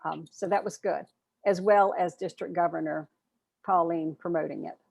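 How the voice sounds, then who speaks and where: A woman's voice: on the low side, fairly even intonation, normal speed, gravelly, darkish tone, husky, dry recording. Earnest woman presenting over video call. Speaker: program presenter. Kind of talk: online club meeting presentation.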